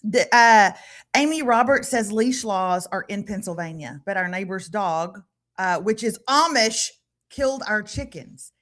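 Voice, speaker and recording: A woman hosting a podcast in casual chat, animated and joking. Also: mid-range voice, measured pace. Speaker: podcast host. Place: live podcast recording.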